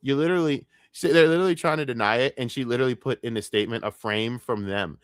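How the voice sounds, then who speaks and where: A man's voice: mid-range voice, fast, clean tone, no room sound, clean studio sound. A man ranting angrily as a streamer reacting to clips, profane and emphatic. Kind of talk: heated commentary rant.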